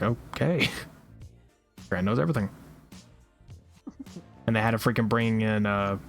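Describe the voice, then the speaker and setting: A man co-hosting a casual podcast chat, rambling and animated and laughing often. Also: lowish voice. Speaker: podcast co-host.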